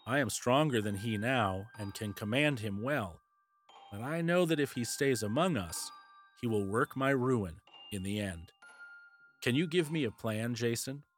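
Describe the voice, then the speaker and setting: A man reading aloud, voicing a scheming older male king in a storybook, speaking in a gentle, persuasive way. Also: medium pitch, animated, a little slow, faint music behind, natural voice. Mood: confiding.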